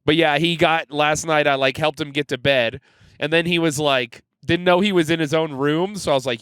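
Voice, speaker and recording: Smooth-voiced young man telling stories. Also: fairly high pitch, fairly quick, fairly bright tone, dry recording. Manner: loose, profane storytelling. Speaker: podcast co-host. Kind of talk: casual chat.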